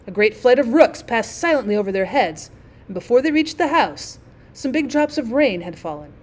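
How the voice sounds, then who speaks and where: Higher-voiced woman narrating a classic story. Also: expressive, normal speed, a little mellow. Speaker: teacher reading aloud.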